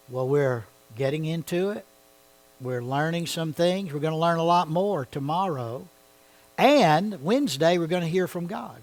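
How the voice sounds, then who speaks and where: A man's voice: fairly high pitch, rough recording. A man leading a church Bible study, talking conversationally and often asking his listeners questions. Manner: conversational, asks the audience questions.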